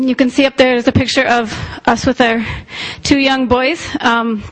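Give me a woman missionary from the United States presenting to a church congregation. She talks earnestly and gratefully with a few hesitant restarts. Her voice is slightly high. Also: poor audio. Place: church sanctuary.

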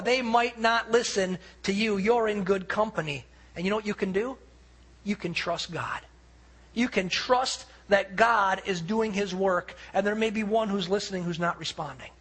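A pastor preaches to his congregation in a husky, somewhat raspy voice that is high for a man. He tells stories animatedly, acting out what people said.

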